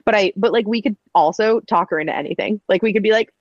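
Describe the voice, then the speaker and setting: A woman's voice: medium pitch, fast talker, dry recording, highs cut off. A woman co-hosting a podcast, chatting casually in a playful, sweary way. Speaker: podcast co-host. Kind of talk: casual chat.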